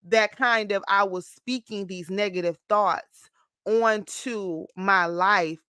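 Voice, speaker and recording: A woman around forty talking through a casual confessional vlog, expressive and emotional, close to tears at times. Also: medium pitch, slow pace, no room sound. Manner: expressive, slips into mock-whiny voices when quoting her past self. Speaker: vlogger.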